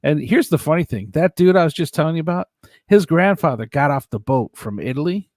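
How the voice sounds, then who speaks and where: A man's voice: a little high, fairly quick, dry recording, clean studio sound. A man hosting a casual show, reading out viewer comments and joking with his guests, laughing often. He is from Ohio. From Ohio, USA. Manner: jokey, laughs often, animated. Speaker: host.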